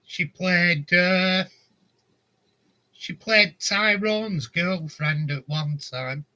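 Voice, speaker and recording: A man's voice: sits high, extremely slow, bright, forceful tone, highs cut off. A man, casually telling rambling anecdotes and chuckling often. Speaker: vlogger. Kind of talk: casual storytelling.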